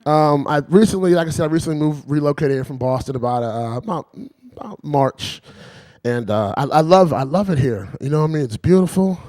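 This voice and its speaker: A man's voice: a little high, a little fast, a little mellow, no room sound. A man doing a rambling stand-up routine, chuckling between lines and repeating "you know what I mean". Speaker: stand-up comedian.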